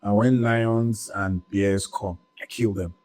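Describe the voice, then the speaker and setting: A bold young shepherd boy who speaks plainly and calmly, as a man telling the story puts him on. The voice sits low and relaxed, with an easy, conversational delivery. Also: takes it slowly. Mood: earnest. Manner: casual, matter-of-fact retelling.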